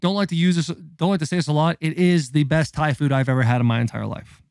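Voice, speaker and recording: A man's voice: on the high side, fast talker, gravelly, clean tone, dry recording. Guy in his 30s hyping up a story on a podcast, lots of cussing, dry close sound. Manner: animated, profane, dramatic build-up. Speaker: podcast co-host. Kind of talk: casual storytelling.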